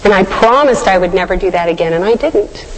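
A woman delivering a devotional sermon with an earnest, reflective tone. Her voice sits in an ordinary middle pitch. It carries a long reverb, as in a large hall. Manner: earnest storytelling, slow and reflective. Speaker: devotional speaker. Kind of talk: sermon with personal story.

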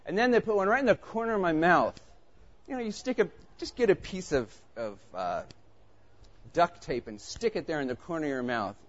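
Male pastor, conversational sermon delivery, lively anecdotes, somewhat higher pitch, dull lo-fi sound. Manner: storytelling, animated and conversational. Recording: muffled lo-fi recording.

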